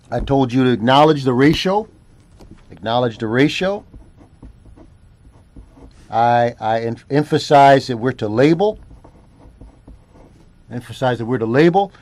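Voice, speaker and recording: A male math teacher with a medium-pitched, somewhat dark voice and no echo works through a word problem one step at a time in a classroom lesson. He often repeats phrases and checks in with "all right?"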